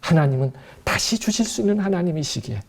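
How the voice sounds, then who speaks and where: A man's voice: a little high, animated, very fast. A male pastor preaching a sermon, earnestly exhorting his congregation.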